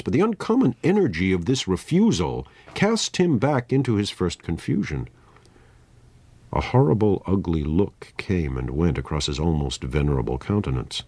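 A man reading a story aloud in a measured, dramatic manner. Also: low voice, very animated, a little mellow, breathy edge, no echo. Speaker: narrator. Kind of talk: scripted story narration.

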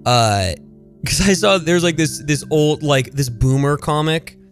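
A man's voice: on the high side, soft background music. Rambling podcast co-host man. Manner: rambling, halting restarts, acts out quoted voices. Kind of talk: casual chat.

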